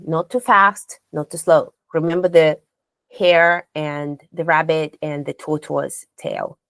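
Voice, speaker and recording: A woman's voice: fairly low pitch, no room sound. A woman teaching speech delivery as a contest trainer, asking the learners questions and demonstrating intonation aloud. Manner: coaching, poses rhetorical questions to learners. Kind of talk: instructional lecture.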